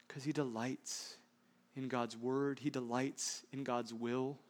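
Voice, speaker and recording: A man preaching a sermon, emphatic, with frequent rhetorical questions, swinging between loud stresses and hushed asides. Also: mid-range voice, steady tone, slow pace. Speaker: pastor.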